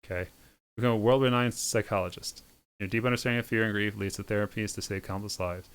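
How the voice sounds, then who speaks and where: A man with a smooth, lowish voice speeds through on-screen game text. His delivery stays sardonic and deadpan, with quick mocking asides between the lines. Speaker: game streamer reading a visual novel aloud. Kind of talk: reading game text aloud with comic asides.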